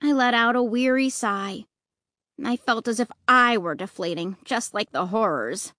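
A woman reading a children's story aloud, expressive and lively, acting out the dialogue. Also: a little high, a little slow, no room sound, clean studio sound. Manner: lively, voicing dialogue with rising excitement. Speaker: audiobook narrator.

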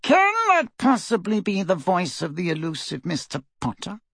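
A man's voice: high voice, wildly swooping pitch, moderate pace, fairly bright tone, husky, dry recording, clean studio sound, pitched above the performer's own voice, heavily acted. A man voicing a cold, snide old male wizard in a talking portrait, imperious and supercilious, in a storybook reading. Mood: haughty.

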